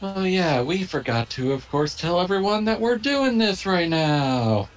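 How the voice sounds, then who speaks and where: A man's voice: high-pitched, sing-song, unhurried. A man hosting a casual let's play stream, joking around in a hammy, announcer-style delivery. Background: game music.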